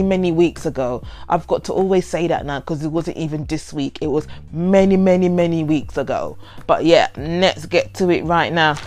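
A woman, casually reading out and reacting to overheard quotes, animated and given to laughing and playful drama. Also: lowish voice. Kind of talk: casual chatty commentary.

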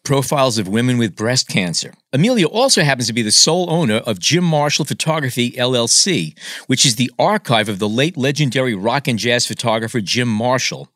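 A man's voice: mid-range voice, sharp tone, dry recording, clean studio sound. A man hosting a podcast, introducing his guest and praising her work with enthusiasm. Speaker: podcast host. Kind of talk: podcast interview.

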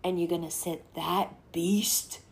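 A woman hosting a casual chat, animated and swearing freely as she acts out what people say. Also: fairly low pitch, slow pace.

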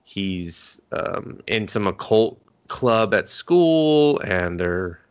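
With a fairly low, clear, resonant voice and lively intonation, a man speaks extremely slowly as he co-hosts a podcast. He recaps an anime in a casual, rambling way, full of fillers and restarts, and swears freely.

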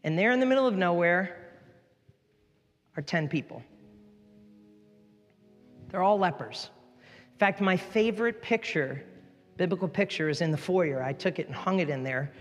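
A man preaching a sermon as pastor, animated and jokey, jumping between topics. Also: fairly high pitch. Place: large church hall. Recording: long hall reverb with faint music.

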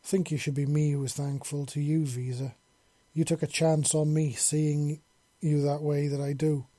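A man voicing a playful young man in metal armor teases and speaks tenderly in this storybook reading. The voice is dark and mellow with a slight husk, close and dry. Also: a little high, level tone, moderate pace, dry recording, close to an everyday voice. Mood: gentle, warm. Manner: playful, teasing, then gentle.

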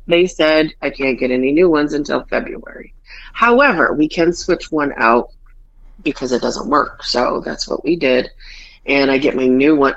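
A woman's voice: low-pitched, a bit bright. A woman hosting a casual podcast, telling a story with bawdy humor and acting out both sides of a conversation. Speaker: podcast host. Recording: dull lo-fi podcast audio.

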